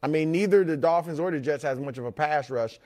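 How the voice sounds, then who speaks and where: A man with a high voice argues for his football prediction on a sports talk show. He sounds defensive and hesitant and often repeats himself as he talks. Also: a little fast, a little mellow. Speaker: football analyst.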